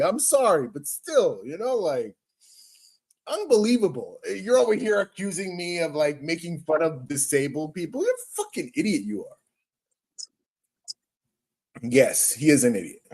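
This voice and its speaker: A man hosting a livestream, ranting in a profane, exasperated way with frequent stammers. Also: sits high. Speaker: livestream host. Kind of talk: casual livestream rant.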